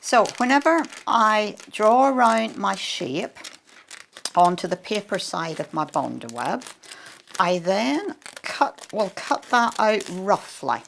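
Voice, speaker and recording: A woman, a quilting expert, explaining a craft demonstration on a shopping channel in a chatty way with frequent pauses. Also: mid-range voice, sing-song, gravelly, a little hiss or hum.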